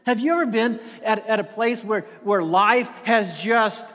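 A man preaching a sermon in an earnest, halting way, often repeating words and sinking to a near whisper for emphasis. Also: high-pitched, fairly bright tone, in a large hall.

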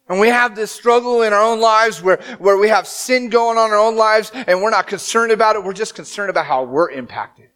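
A man in his thirties preaching a sermon as pastor, telling the story with animated, dramatic acted-out quotes. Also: sits high, brisk, few pauses, clear, resonant tone.

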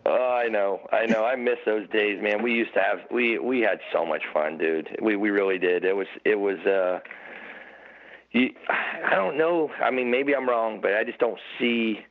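A man's voice: fairly low pitch, moderate pace. A middle-aged man, a podcast guest, telling rambling, laughing stories about the old days with lots of restarts. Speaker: podcast guest, former motorcycle racer. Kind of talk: casual storytelling chat. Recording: tinny phone-like audio.

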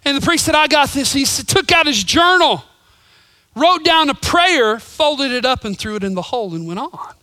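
A male pastor preaching a sermon, telling stories and swinging from loud emphasis to hushed whispers. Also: very high voice, lively intonation, moderate pace, no echo. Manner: storytelling with voices.

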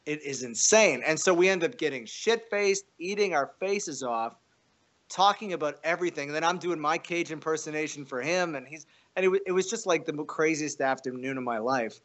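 A man's voice: a little fast, a bit bright. A man telling a wild story in casual, profane conversation, acting out the quotes. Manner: profane, acts out quotes with pitch jumps. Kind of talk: animated storytelling.

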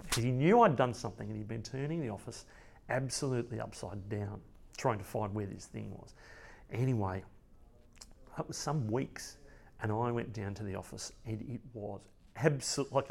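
An Australian man in a podcast interview, telling a rambling, lively story about a friend, with many restarts and acted-out quotes. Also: mid-range voice, normal speed, creaky, a little hiss or hum. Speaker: friend and colleague of the late cartoonist.

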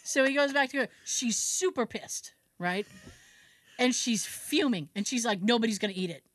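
A woman's voice: a little high, measured pace. A woman co-hosting a podcast, telling a family story in casual chat, acting out relatives' lines with laughter. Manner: animated, acts out family members' lines; frequent "like" fillers and laughter. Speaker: podcast co-host.

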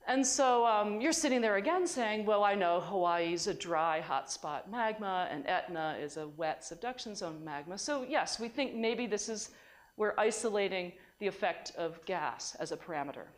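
A woman's voice: medium pitch, normal speed. A woman giving a university science lecture in a conversational way, often restarting her sentences. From United States.

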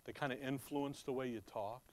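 A man's voice: medium pitch, fairly even intonation, a little fast, no echo. A man with a slight Chicago accent teaching a Bible sermon, reading verses aloud and asking his listeners rhetorical questions in a conversational way. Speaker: preacher.

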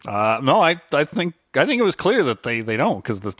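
A man with a bright, lively voice that rises and falls a lot as he reacts and asks questions in casual podcast chat. He sits close to the mic in a dry room with no echo. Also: mid-range voice, brisk. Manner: bright and expressive, jumps in with questions and short agreements. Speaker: podcast co-host. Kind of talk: casual film discussion.

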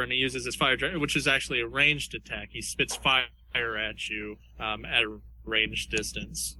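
A man's voice: medium pitch, fairly even intonation, moderate pace, few pauses, pushed and bright, a little hiss or hum, low-quality recording. A man co-hosting a podcast, hesitantly describing an imagined fight and repeating words as he thinks. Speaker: podcast co-host. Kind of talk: casual chat narrating a fight scenario.

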